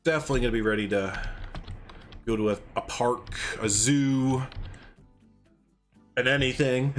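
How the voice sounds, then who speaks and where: A man's voice: mid-range voice, moderate pace. A young man chatting casually on a livestream, rambling and thinking aloud as he builds, with faint music and typing behind him. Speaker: streamer. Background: faint music and keyboard typing.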